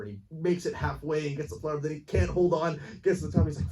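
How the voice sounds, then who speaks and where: A man's voice: on the high side, a little fast, few pauses, mellow. Guy rambling earnestly at a film q&a, laughing a lot, sounds kinda far off in a theater. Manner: rambling, earnest, laughs often, many restarts. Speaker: filmmaker answering audience questions. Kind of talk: casual Q&A answer, storytelling. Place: cinema theater with audience. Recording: distant voice, faint noise, live audience room.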